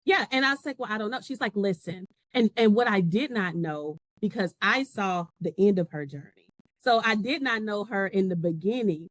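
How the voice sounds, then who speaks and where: An animated woman, a podcast guest, tells a story in casual conversation and acts out the voices she quotes. Her voice is mid-range at a moderate pace, with no room sound.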